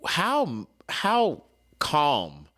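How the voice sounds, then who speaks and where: A man's voice: a little high, huge pitch swings, drawn-out words, bright, forceful tone. A middle-aged man telling stories in a casual chat, drawling and acting out quotes as he talks. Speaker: podcast co-host.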